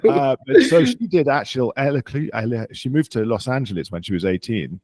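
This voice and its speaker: A man's voice: medium pitch, big pitch swings, fairly quick, darkish tone, slightly rough. A man from London with a British accent, a podcast host answering interview questions about his life in a self-deprecating, rambling way. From England.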